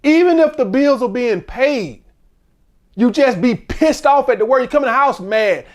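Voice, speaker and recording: A man's voice: high-pitched, a little slow. A man hosting a dating advice channel, ranting bluntly and profanely in a casual monologue. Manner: blunt, profane, animated rant.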